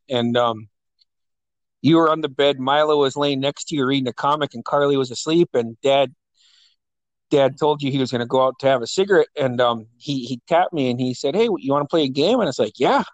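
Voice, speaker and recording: A man's voice: mid-range voice, fairly quick, no room sound. Laughing man telling family stories. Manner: laughing often, swearing, acting out quoted voices. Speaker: podcast host. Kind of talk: casual family storytelling.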